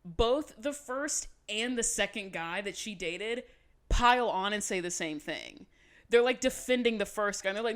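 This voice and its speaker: A woman co-hosting a podcast, recapping in casual chat with animated, swear-filled asides. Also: mid-range voice, moderate pace. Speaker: podcast co-host.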